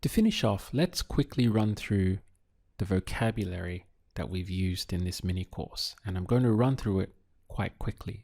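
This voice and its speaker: A man teaching a Spanish lesson, patient and clear, repeating and spelling words slowly. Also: low-pitched, a little mellow. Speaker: Spanish tutor. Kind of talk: slow, clear language lesson.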